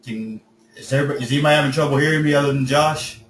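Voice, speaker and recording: Casual male teacher, voice going hoarse. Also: mid-range voice, quick pace, roomy sound, recorded from a distance, a little hiss or hum, rough recording. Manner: relaxed, chatty, jokey with students. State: voice starting to go hoarse. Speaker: online coding class teacher. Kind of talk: casual teaching over video call.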